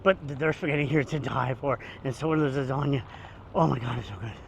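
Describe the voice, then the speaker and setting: A man's voice: medium pitch, fast, creaky, a little hiss or hum. A man chatting casually to his phone camera while walking outdoors, rambling and joking, a little out of breath. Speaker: vlogger. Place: outdoors on a street walk. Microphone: handheld phone camera.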